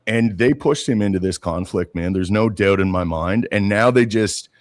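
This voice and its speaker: A man from Canada co-hosting a political podcast in a loose, casual way, dropping "man" at the end of his points. His voice sits very low, and the recording is dry and close. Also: normal speed, dry recording. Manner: casual, says "man" often, animated retelling. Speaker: podcast co-host.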